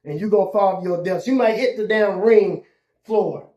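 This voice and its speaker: Sex: man. Style: trash-talking wrestling promo. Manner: boastful, threatening, repeating short phrases. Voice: high. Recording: echoey room. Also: moderate pace, mellow.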